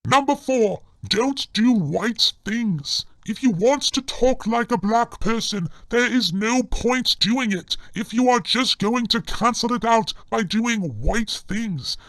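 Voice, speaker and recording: A man giving scripted comedic narration in a formal, deadpan manner. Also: very high voice, slow, few pauses, dry recording.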